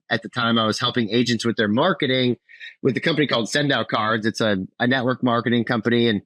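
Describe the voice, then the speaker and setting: A man in his thirties with a Minnesota accent tells his story as a podcast guest. His mid-range voice is relaxed and casual, with a few fillers along the way. The recording is dry and close. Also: medium pitch, dry recording, rough recording. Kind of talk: interview storytelling.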